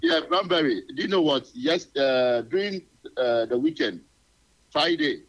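A man's voice: a little high, lively intonation, a little slow, fairly bright tone, soft background music. A man calling into a radio show, cheerful and rambling with many fillers. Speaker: caller. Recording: phone call on radio.

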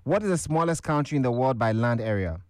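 A man's voice: medium pitch, lively intonation, quick pace, dry recording. A man with a Ghanaian accent hosting a casual, upbeat call-in quiz on the radio. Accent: Ghanaian English. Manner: casual, upbeat, chatty with callers.

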